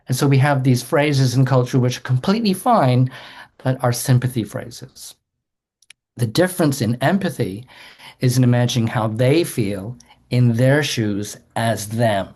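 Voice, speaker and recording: A man's voice: mid-range voice, a little mellow. A man, a doctor, giving an earnest explanatory talk to a group, often repeating words as he restarts a sentence.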